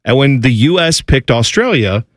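A man hosts a casual sports talk show, explaining the game in a chatty, teaching way and throwing in jokes. His pitch swings widely as he talks. The sound is dry, with no room echo. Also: big pitch swings, moderate pace. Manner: chatty, explanatory, jokey asides.

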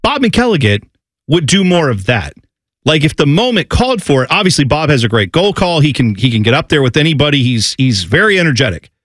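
A lively man hosting a sports talk radio show, his pitch swinging widely as he rants and mimics announcers. His voice sits slightly high for a man, recorded close and dry with no room sound. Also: fairly quick, no echo. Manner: animated, does exaggerated impressions.

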